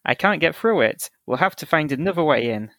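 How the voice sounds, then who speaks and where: A man's voice: on the high side, expressive, brisk, bright, forceful tone, no room sound, pitched above the performer's own voice. A man voicing an earnest young male fox sidekick in a tabletop-style gamebook read-through. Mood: determined.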